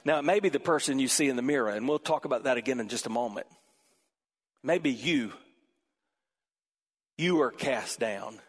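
A man preaching a sermon in a church auditorium, animated, swinging between loud emphasis and quiet passages. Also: mid-range voice, moderate pace, long pauses, slightly rough. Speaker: pastor. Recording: long reverb from a large hall.

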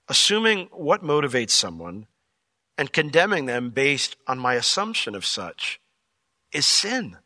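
A male pastor teaches a sermon verse by verse in a conversational, animated style, acting out quotes with sudden jumps in pitch. The sound is studio quality with no room sound.

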